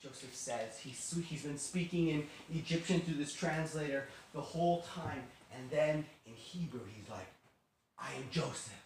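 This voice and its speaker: A man teaching a Bible lesson in an animated storytelling way, often asking his listeners questions. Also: fairly high pitch, normal speed, few pauses, a little hiss or hum. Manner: animated, asks the class questions. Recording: echoey room, distant mic.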